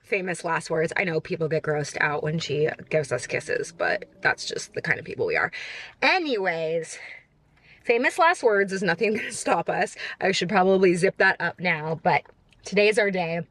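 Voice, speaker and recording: A woman's voice: fairly low pitch, lively intonation, moderate pace, a bit bright. A woman in her thirties chatting casually to her phone camera from a parked car, rambling and poking fun at herself. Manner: chatty, self-mocking, rambling with fillers. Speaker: vlogger. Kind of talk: casual vlog chat to camera.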